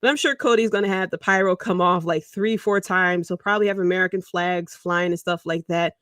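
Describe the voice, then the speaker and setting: Giving casual livestream commentary, this podcast host rambles animatedly and chuckles mid-sentence. Her voice is on the low side and fairly quick, captured in studio quality with no echo.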